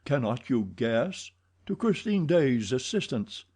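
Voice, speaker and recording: A man's voice: mid-range voice, very animated, slow, darkish tone, breathy edge, full character voice. A man voicing a frantic, impassioned young nobleman in an audiobook reading, speaking urgently and pleadingly. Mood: impatient.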